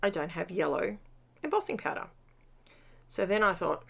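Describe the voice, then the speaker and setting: A woman's voice: fairly low pitch, sing-song, normal speed, creaky, fairly bright tone. Chatty tired woman crafter. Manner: chatty, upbeat, rambling asides. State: tired at the end of a long day. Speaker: craft vlogger. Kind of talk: casual voice-over narration of a scrapbooking process.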